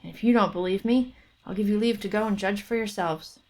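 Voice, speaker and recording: A woman's voice: medium pitch, fairly quick, a little mellow, natural voice, rough recording. A woman reading aloud as a battered male robber captain who complains at length about his injuries. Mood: aggrieved. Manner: complaining, exaggerated storytelling.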